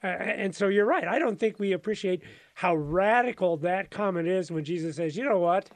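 Male pastor, fairly high voice, dry close sound, animated, laughs a lot. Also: normal speed, vocal fry, dry recording. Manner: animated, laughs often, emphatic storytelling. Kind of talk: conversational Bible discussion.

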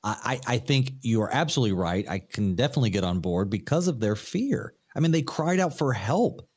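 A man's voice: mid-range voice, very animated, fairly quick, a little mellow. A male pastor in a mid-range voice discusses scripture with a colleague. He speaks casually and conversationally. He often agrees and moves the talk on to the next question. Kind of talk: Bible study discussion.

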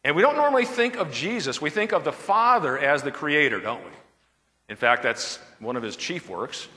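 A man's voice: a little high, very animated, normal speed, bright, forceful tone, long reverb tail. A man, a pastor, teaching a verse-by-verse bible study and often checking in with his listeners through questions. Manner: asks the audience questions, checks with "okay?".

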